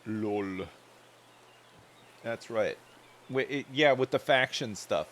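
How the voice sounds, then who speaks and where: A man's voice: mid-range voice, takes it slowly, a bit bright. A man chatting loosely and joking while livestreaming a game, rambling from one thought to the next. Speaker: streamer.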